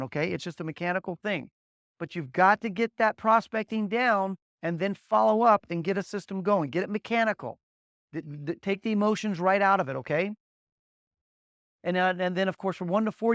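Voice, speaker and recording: A man leading a motivational sales training session for new agents, telling energetic stories and driving points home with repeated "guess what" and "okay?". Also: high voice, no echo. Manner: blunt, punchy coaching delivery.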